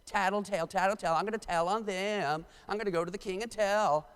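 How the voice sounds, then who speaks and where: A man's voice: high-pitched, fairly even intonation, fast talker, smooth, pitched above the performer's own voice, close to an everyday voice. A man voicing petty court astrologers who tattle to the king, in a reverberant church. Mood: tattling. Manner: whiny, tattling.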